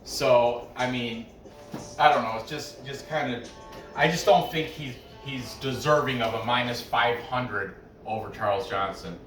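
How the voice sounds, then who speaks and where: In an unhurried, mid-range voice with a slightly bright tone, a man rambles casually through sports betting picks, restarting often and wandering into asides. The recording is off-mic and echoey, with the microphone far away and faint music in the background.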